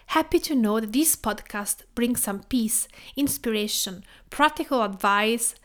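Italian accent woman, voice a bit on the high side, reads her podcast script steady and list-like. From Tuscany, Italy. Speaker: podcast host.

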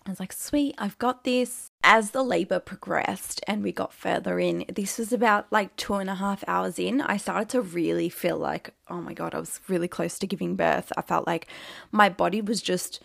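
A woman's voice: on the low side, steady tone, normal speed, vocal fry, a bit bright. A young woman, telling her own story casually and candidly, with lots of "like" and acted-out quotes. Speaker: new mother telling her birth story.

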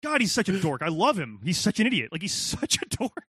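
A man with a high, bright voice talks in a casual gaming chat. He is animated and swears often, and his pitch jumps all over. The sound is dry and close. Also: quick pace, breathy edge, dry recording.

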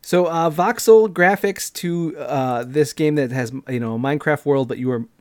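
A man in his thirties, co-hosting a casual gaming podcast and walking through how a game plays, step by step and with animated energy. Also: a little high, moderate pace. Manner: animated, explains games step by step. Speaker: podcast co-host.

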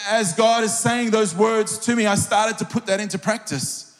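A man's voice: high voice, moderate pace, soft background music, some chatter behind. A middle-aged man, a pastor, preaching a sermon with an earnest, personal storytelling manner that builds into fervent prayer. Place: large church hall. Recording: long hall reverb.

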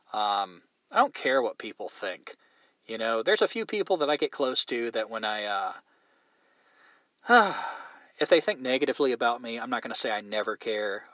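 Alone on his podcast, a man rants casually in a blunt, profane, opinionated way. His voice is medium-pitched and fairly bright, and the lo-fi recording sounds dull and dry with no room around it.

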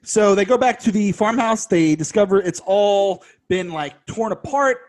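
A high-pitched man talks through a movie's plot in a casual podcast chat. His delivery is animated and wry, with laughs slipping in and sarcastic asides. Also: moderate pace. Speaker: podcast co-host.

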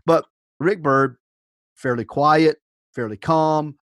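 A man's voice: a little high, slow pace, fairly bright tone, no echo, studio quality. A man hosting a podcast, encouraging his guest and steering the talk to the next topic. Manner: affirming, guides the conversation to the next topic. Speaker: podcast host. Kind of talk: podcast conversation.

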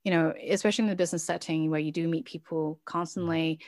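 A woman speaks with earnest reflection in a candid interview, her voice sitting on the lower side and often restarting her phrases. The sound is close and dry. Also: steady tone, quick pace, darkish tone, dry recording. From Chinese heritage. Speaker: interview guest, business founder.

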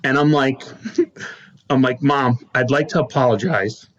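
A man hosting a podcast, telling stories in a lively, laughing way and acting out what people said. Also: mid-range voice, measured pace, muffled recording. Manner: animated, laughing storyteller who acts out quotes. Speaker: podcast host. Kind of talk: casual storytelling chat.

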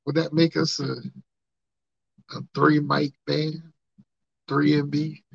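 A man hosting a podcast, joking and rambling loudly in slangy, casual banter with his co-hosts. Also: on the high side, flat delivery, slow, vocal fry, breathy edge, dry recording. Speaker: podcast host. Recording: dull lo-fi podcast audio.

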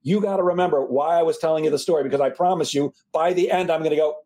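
Fast-talking, husky-voiced male host. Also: fairly high pitch, darkish tone. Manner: quick, joking, self-deprecating. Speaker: podcast host. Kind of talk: casual interview chat.

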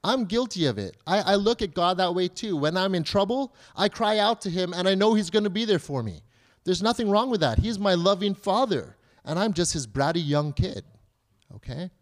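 A man in his thirties delivers a sermon in a talky, conversational way. His voice sits a little high, and he keeps asking the room questions and mimicking pleading voices. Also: animated, normal speed. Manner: conversational preaching with rhetorical questions; acts out children's and believers' pleas in a higher voice. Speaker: pastor.

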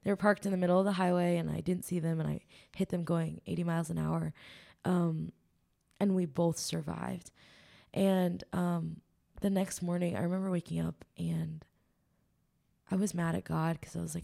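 A woman's voice: fairly low pitch, fairly even intonation, normal speed, vocal fry, mellow. A woman guest on a podcast, telling an earnest, emotional faith testimony with lots of ums and likes. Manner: rambling, with many ums and likes.

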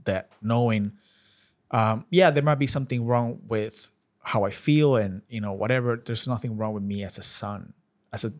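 Speaking in a fairly low voice, a man recounts an emotional personal experience as a podcast guest, sincere yet hesitant and full of restarts.

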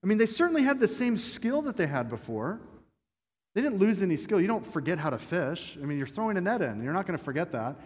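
Pastor guy giving a sermon, chatty and jokey, kinda high pitched, big echoey church. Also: big pitch swings, fast, a little mellow. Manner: conversational, joking asides to the congregation. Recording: long hall reverb.

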